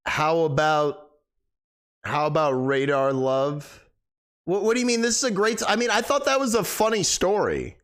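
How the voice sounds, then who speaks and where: A man's voice: a little high, moderate pace, fairly bright tone. A man streaming a game live, chatting casually, rambling and thanking viewers.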